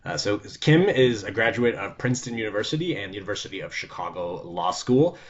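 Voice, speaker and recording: A man moderating a webinar, introducing a guest in a halting way full of fillers. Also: fairly low pitch, lively intonation, a little hiss or hum. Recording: dull lo-fi webinar audio.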